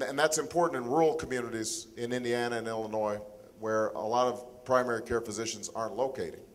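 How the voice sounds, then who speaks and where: Measured man speaking in a reverberant hall. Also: medium pitch. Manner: measured, deliberate with pauses and restarts. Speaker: political candidate. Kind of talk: town hall speech. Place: town hall meeting hall.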